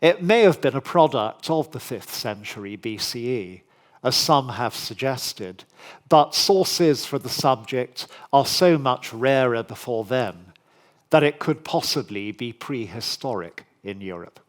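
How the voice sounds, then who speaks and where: Slow, measured male history lecturer. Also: medium pitch, animated. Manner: measured, deliberate delivery with dry asides. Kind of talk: formal public lecture.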